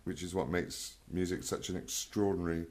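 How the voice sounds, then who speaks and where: A man's voice: low voice, steady tone, brisk, a little mellow. A man co-hosting an interview, eager and agreeable, often chiming in to finish others' thoughts. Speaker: podcast co-host. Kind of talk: casual interview chat.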